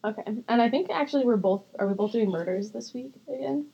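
A young woman co-hosts a chatty podcast, rambling through stories and giggling often. Her voice sits a bit high and has a husky, breathy edge. She swears casually and keeps things loose. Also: fast talker, muffled recording. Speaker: podcast co-host. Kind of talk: casual chat.

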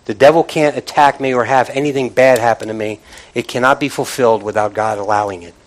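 Speaking a little fast in a mid-range voice, a pastor delivers a conversational sermon from the pulpit and calls out to the congregation, captured on poor audio.

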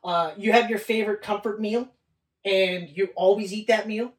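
A woman's voice: medium pitch, fairly even intonation, normal speed. A woman co-hosting a casual movie review chat, profane and rambling, laughing often. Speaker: podcast co-host. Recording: roomy, distant mic.

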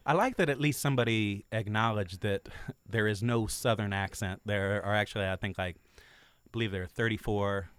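A man's voice: fairly low pitch, normal speed, hardly any pauses, a bit bright, smooth, dry recording. A man from the US South, a guest musician, telling rambling, self-mocking stories in a casual podcast chat.

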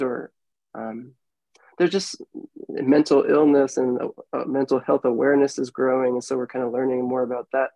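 Gravelly, mellow-voiced male podcast host. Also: medium pitch, no room sound, poor audio. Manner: rambling, filler-heavy, laughs easily. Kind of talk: casual interview chat. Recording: dry close podcast mic.

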